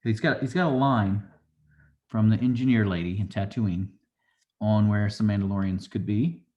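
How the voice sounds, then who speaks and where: A man's voice: fairly low pitch, fairly even intonation, normal speed, darkish tone, dull audio. A man casually recapping a show episode, rambling along and acting out quotes from the characters. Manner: rambling, loose retelling with acted-out quotes. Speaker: show reviewer.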